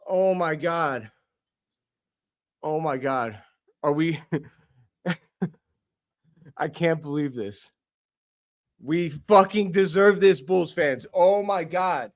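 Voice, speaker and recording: A young man hosting a sports podcast, reacting live with euphoric, profane excitement and lots of repetition. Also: fairly high pitch, extremely slow, long pauses. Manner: euphoric, swearing, repeating himself.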